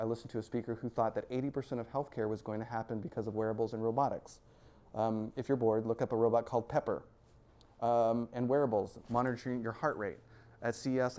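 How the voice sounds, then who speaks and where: Joking man giving a talk. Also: medium pitch. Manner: energetic and joking, laughs between points. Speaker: guest speaker at an investor club. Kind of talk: live presentation to an audience.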